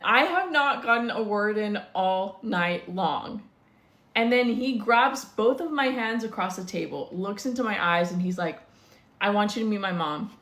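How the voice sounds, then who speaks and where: A woman's voice: medium pitch, animated, unhurried, a bit bright, echoey room. A young woman telling a dating story in a casual, blunt, profane way, sounding exasperated.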